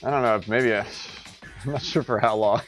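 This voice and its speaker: A man's voice: fairly low pitch, normal speed, fairly bright tone, soft background music. A young man hosting a live-streamed game tournament, rambling casually, joking and laughing often between his words.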